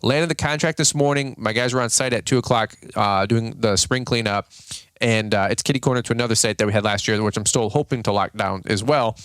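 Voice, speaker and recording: A man's voice: lowish voice, brisk, fairly bright tone, smooth, no echo. A man hosting a podcast, chatting casually in a rambling, joking way and laughing often. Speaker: podcast host. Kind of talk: casual chat.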